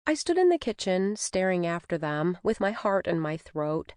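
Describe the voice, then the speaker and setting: A woman narrating a cozy mystery audiobook in the first person, with an expressive storytelling manner. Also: on the low side, normal speed, smooth, no echo, clean studio sound. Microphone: studio microphone.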